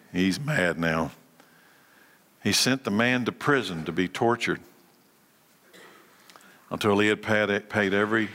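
A man's voice: fairly low pitch, fairly bright tone, in a large hall. A man preaching a sermon, emphatic, repeating key words and putting questions to his audience. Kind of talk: animated sermon.

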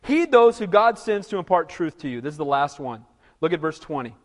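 A male pastor delivers an emphatic sermon, often turning to the congregation for agreement. His voice sits high for a man. The sound rings with the long reverb of a large hall. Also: big pitch swings, brisk. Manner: emphatic preaching, frequent "you know" and "Amen?".

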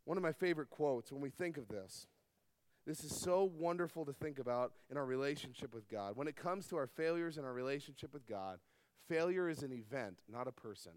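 Middle-aged male pastor, high pitch, emphatic sermon delivery, dry close sound. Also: lively intonation, fairly quick, no room sound. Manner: emphatic preaching that swings between loud stresses and soft asides.

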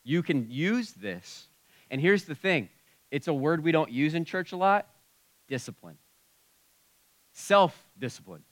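Man preaching a casual, animated sermon. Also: on the high side, measured pace, long pauses, dry recording. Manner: conversational preaching with shifts in loudness. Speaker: pastor. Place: church sanctuary.

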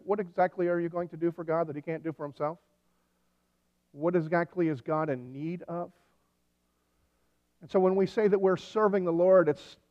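Man preaching in a reverberant hall. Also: fairly high pitch. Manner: conversational preaching with dry humor and animated storytelling. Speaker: pastor. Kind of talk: sermon. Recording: dull recording with long hall reverb.

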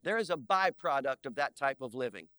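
A male pastor preaching an energetic sermon in a church, with playful asides and slow, drawn-out emphasis on key words. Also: medium pitch, clear, resonant tone, no room sound. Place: church sanctuary.

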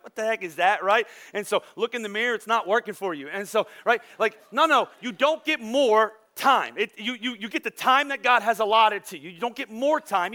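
A man preaching a sermon as pastor, animated and conversational, with playful asides to the congregation. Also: very high-pitched.

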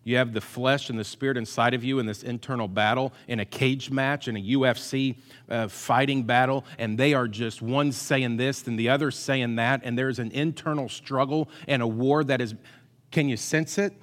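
A male pastor preaches to his congregation, his voice ringing through a large hall with long reverb. He swings from loud emphatic bursts to quiet, joking asides, and his pitch sits in a middle range. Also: steady tone, normal speed. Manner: self-deprecating, jokey. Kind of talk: sermon.

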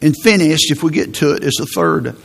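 A man's voice: a little high, animated, a little fast, creaky, a bit bright, husky. Man preaching with emphatic repetition. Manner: emphatic preaching with repeated phrases and restarts. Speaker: pastor. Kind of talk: sermon.

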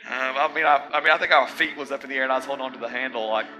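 A man preaching a sermon in a conversational, animated way, mixing scripture with casual asides. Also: medium pitch, racing, hardly any pauses, over music, low-quality recording.

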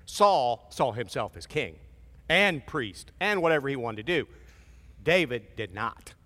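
A man's voice: mid-range voice, very animated, unhurried, sharp tone. A pastor preaching a sermon in a casual, conversational way, acting out voices as he goes. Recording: long reverb of a large hall.

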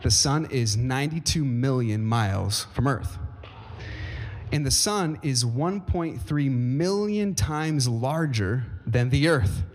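Slowly and expressively, a man at medium pitch preaches as pastor in a church sanctuary, his words echoing with long hall reverb. His delivery is emphatic, and he frequently asks the congregation questions.

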